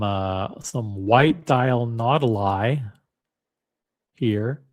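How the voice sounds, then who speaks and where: The man hosts his own watch channel, reading listings aloud in a wry, musing tone as he browses on screen for casual screen-share commentary. His voice is mid-range with a darkish tone.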